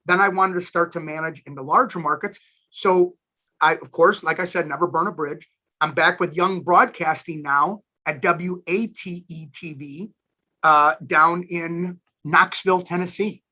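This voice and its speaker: A man in his fifties, a station manager and alumni guest, telling career stories in a chatty, animated interview. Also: a little high, a little slow. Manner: animated, chatty storyteller who addresses listeners as guys. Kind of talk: casual storytelling interview.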